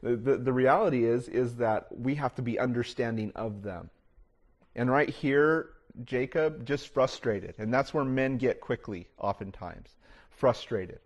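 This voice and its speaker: A man's voice: medium pitch, a little slow, highs cut off. A middle-aged man preaching a sermon to his congregation. He talks casually, with many "you know" fillers and restarts. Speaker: pastor. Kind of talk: conversational sermon.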